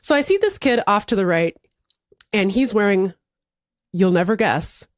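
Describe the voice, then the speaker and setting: Podcast co-host, woman in her 40s, animated comic teller, dry close sound, mid voice. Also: medium pitch, normal speed, no echo. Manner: animated, laughs through her own stories. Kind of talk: casual chat, comic storytelling.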